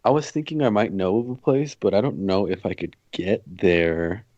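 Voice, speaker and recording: Low, dark-voiced man on a muffled mic. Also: normal speed, dry recording. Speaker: player. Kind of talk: in-character tabletop role-play.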